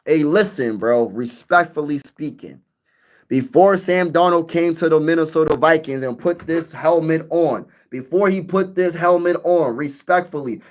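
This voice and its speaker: A young man hosting a casual sports talk stream, chatty and animated, answering viewer comments as he goes. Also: on the high side. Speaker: sports channel host.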